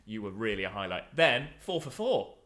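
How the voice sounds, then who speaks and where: A man's voice: lowish voice, sing-song, normal speed, fairly bright tone. A man co-hosting a podcast, chatting casually and telling stories playfully with asides. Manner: playful storytelling, frequent laughs and asides. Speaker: podcast co-host. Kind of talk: casual chat.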